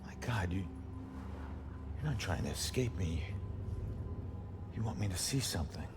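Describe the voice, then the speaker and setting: Low gravelly game detective, dogged, music under it. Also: male voice, animated, a little slow. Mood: earnest. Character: gruff ghost detective man, dogged. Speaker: game character.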